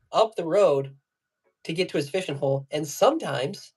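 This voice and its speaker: A man's voice: a little high, lively intonation, normal speed, a little mellow, husky. A man chatting casually on a livestream while tying flies, rambling with slang and fillers. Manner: rambling storyteller, laughs while telling stories; loose slangy speech with many fillers. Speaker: fly and jig tier on a livestream.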